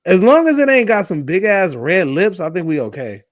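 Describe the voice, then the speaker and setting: A man's voice: sits high, sing-song, moderate pace. A man co-hosting a casual live stream chat, loose and joking and cursing freely.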